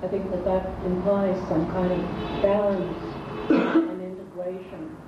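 A woman in a group discussion, offering a calm, musing thought. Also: fairly low pitch, a little slow, crowd noise. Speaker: group participant. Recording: far off in a very echoey room, muffled and noisy.

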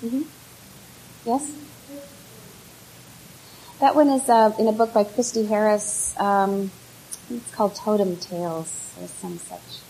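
A woman telling a folk tale live with gentle, unhurried narration, then answering questions. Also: medium pitch, steady tone, a little hiss or hum, poor audio. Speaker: storyteller.

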